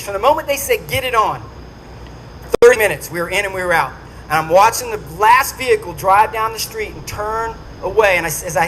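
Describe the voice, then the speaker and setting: A man's voice: high-pitched, slight background noise, poor audio. A man giving a storytelling speech to a dinner audience, acting out the quotes as he goes. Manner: animated storyteller who acts out quotes. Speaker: speaker at a charity dinner.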